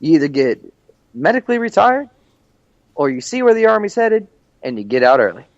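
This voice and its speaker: A man's voice: on the high side, big pitch swings, fairly quick, dry recording, dull audio. A man, a podcast co-host and army veteran, talking reflectively in casual chat, earnest and using words like bro and man.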